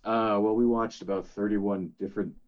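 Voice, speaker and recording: An older man with a very deep voice talks casually on a podcast. He rambles, stops and restarts, and fills gaps with ums. The sound is a little dull and lo-fi. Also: steady tone, moderate pace. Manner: rambling, lots of fillers and restarts. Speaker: podcast co-host. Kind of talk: casual chat.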